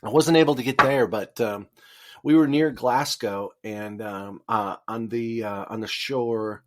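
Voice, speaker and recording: A man's voice: lowish voice, steady tone, a little slow. A man, a guest author, talking casually in a podcast interview, wandering through his thoughts with frequent fillers and restarts. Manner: rambling with many fillers and restarts.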